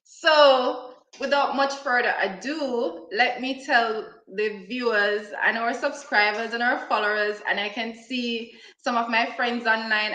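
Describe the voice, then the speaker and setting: A woman hosting a live online interview, giving slow, warm introductions and laughing often. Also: a little high, reverberant, low-quality recording. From Jamaica. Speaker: host.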